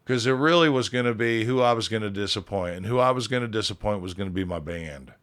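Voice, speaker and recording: Low-voiced man telling a profane story. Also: fast talker. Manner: profane, animated storytelling with quoted dialogue. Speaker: podcast guest, band leader. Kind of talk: casual storytelling chat.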